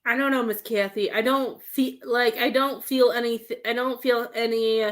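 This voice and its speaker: Woman, psychic medium on a live stream, rambling, hesitant, slightly high voice. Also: steady tone, moderate pace. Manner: rambling, hesitant, searching for words.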